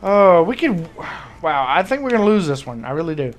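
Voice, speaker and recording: A high-pitched man gives running commentary over his shooter game. He grumbles, swears and yelps in exasperated bursts as the match goes badly. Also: big pitch swings, a little fast, slight background noise. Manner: frustrated, swearing, outbursts. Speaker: gaming commentator. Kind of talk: live gameplay commentary.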